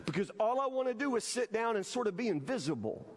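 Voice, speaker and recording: A man preaching, his voice sitting high for a man. He tells a story, repeats himself for emphasis and keeps asking the congregation "you understand?". The sound rings on in a large hall. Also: very animated, quick pace. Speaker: pastor. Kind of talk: sermon with personal story. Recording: long hall reverb.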